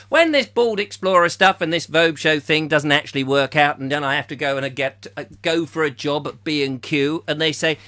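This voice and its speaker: A man's voice: a little high, fairly quick, few pauses, sharp tone. A middle-aged man from England hosting a comic live chat show, rambling and joking while reading out viewers' comments. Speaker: host.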